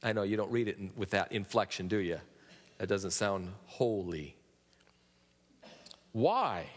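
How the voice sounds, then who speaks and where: Man, pastor, sermon, animated delivery, emphatic peaks, asides to the congregation, long hall reverb. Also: fairly low pitch, unhurried, pauses often.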